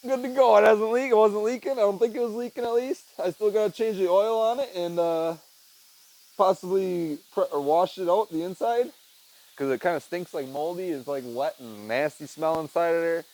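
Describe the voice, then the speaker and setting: On his own casual podcast, a tired host speaks through a headset mic in a high, darkish voice at a normal pace. The chat is loose and laid-back, full of swearing and plenty of "man" and "dude," captured in a rough recording.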